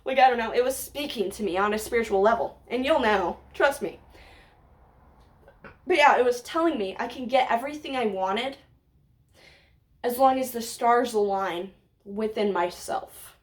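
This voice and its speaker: A young woman telling a personal story to her viewers in a rambling, gushing way. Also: on the high side. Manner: gushing, rambling, heavy on "like" and "literally". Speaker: vlogger. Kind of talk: casual storytime monologue.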